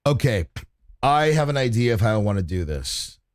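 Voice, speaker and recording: A man's voice: mid-range voice, big pitch swings, normal speed, clear, resonant tone. A man casually talking through his mixing work on a livestream, swearing freely as he explains each step. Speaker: mixing engineer teaching on a livestream.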